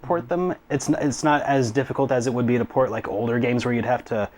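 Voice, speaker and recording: A man co-hosting a casual gaming chat, explaining technical points in a measured way. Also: mid-range voice, fairly even intonation, darkish tone. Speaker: co-host.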